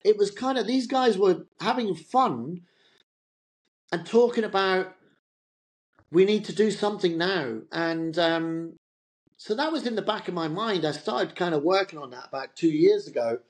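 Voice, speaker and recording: A man's voice: high voice, animated, normal speed. A middle-aged man, a fashion entrepreneur as an interview guest, telling loose, rambling stories in a chatty way. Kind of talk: casual anecdotal interview talk.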